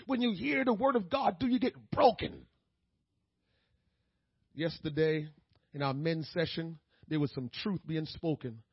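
A man preaching a sermon with a husky voice, swinging from hushed talk to shouting and crying out. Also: on the high side, unhurried, long pauses, no echo, lo-fi sound. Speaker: pastor.

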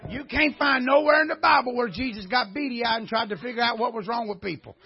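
A man preaching a sermon, storytelling and swinging into loud shouted peaks. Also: very high voice, fairly quick, gravelly. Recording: dull lo-fi sermon audio.

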